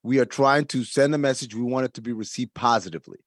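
A man's voice: mid-range voice, quick pace, dry recording, clean studio sound. A man in casual conversation, explaining his views earnestly and making his point through comparisons. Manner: earnest, explanatory, uses analogies.

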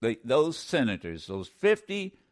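A man's voice: medium pitch, sing-song, a little slow. A man hosting a talk radio show, commenting with passion, often stammering and restarting, repeating lines for emphasis like a preacher.

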